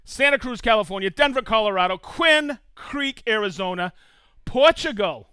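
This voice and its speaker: Excitable new guy hosting a live stream, high bright voice, dry close sound. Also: normal speed, clean tone, no echo. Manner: excitable, reads out viewer shout-outs with whoops. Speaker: host of a live tool demo stream. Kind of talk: casual live-stream chat.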